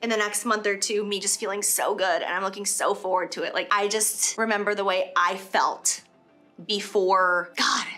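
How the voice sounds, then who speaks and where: A woman's voice: medium pitch, fairly even intonation, moderate pace, pushed and bright, soft background music. A woman vlogging in a gushing, confessional way, emphatic about how she feels. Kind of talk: personal vlog talk.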